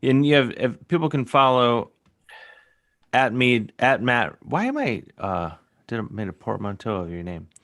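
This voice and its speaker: A man hosting a casual talk show, speaking in halting bursts with fillers. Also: mid-range voice, animated, a bit bright. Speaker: show host. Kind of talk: casual chat.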